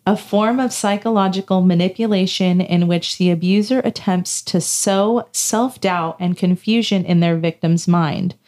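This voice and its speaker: A woman's voice: fairly low pitch, moderate pace, hardly any pauses, darkish tone. A woman co-hosting a podcast, telling a personal story in casual chat and acting out the dialogue. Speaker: podcast co-host.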